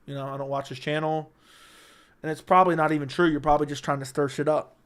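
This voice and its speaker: A young man with a slightly high-pitched voice hosts a late-night livestream. He talks in loose, brash banter, swearing freely and joking with his chat. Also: steady tone, fast, a bit bright. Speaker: livestream host.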